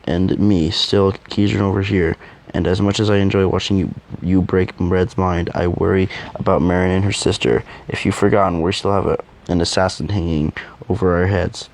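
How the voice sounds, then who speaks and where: A man's voice: deep voice, little pitch movement, moderate pace, creaky, darkish tone. A man voicing a wry, teasing young male companion who talks in an easygoing way in a fan audio drama.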